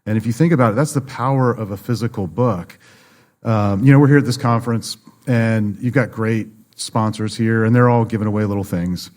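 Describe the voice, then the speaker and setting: A man's voice: fairly low pitch, brisk, darkish tone. A man guesting on a podcast, explaining publishing in a conversational way and acting out the people in his stories. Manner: storytelling, acts out quoted dialogue. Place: conference venue.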